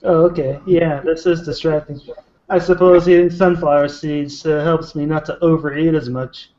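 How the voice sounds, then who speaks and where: A man's voice: a little high, steady tone, normal speed, warm tone. A man on a casual group video call, making dry, offhand jokes. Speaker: guest in group chat. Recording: dull lo-fi video call audio.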